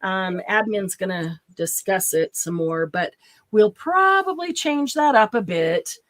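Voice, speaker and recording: Woman, craft tutorial host, chatty, giggly, thinking aloud, mid-pitched voice. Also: animated, unhurried, a bit bright, no room sound. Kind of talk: casual craft tutorial with live chat.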